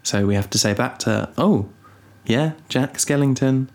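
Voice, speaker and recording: Young man, podcast co-host, rambling teasing chat, average pitch. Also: moderate pace. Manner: rambling, teasing, deadpan asides. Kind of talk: casual chat.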